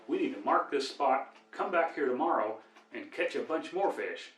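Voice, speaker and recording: Folksy older Midwestern storyteller, roomy sound. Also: male voice, fairly high pitch, expressive, normal speed, fairly bright tone. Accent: American Midwest. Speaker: storyteller and cowboy singer. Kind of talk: folksy joke telling. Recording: echoey room, mic at a distance.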